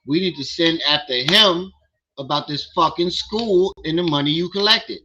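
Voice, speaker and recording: A man hosts a livestream, reacting to a clip with heated, profane commentary and pressing the same point again and again. His voice is pitched a bit high with a very sharp, tense edge. The stream audio sounds dull and lo-fi. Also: normal speed, a little hiss or hum. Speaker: livestream host.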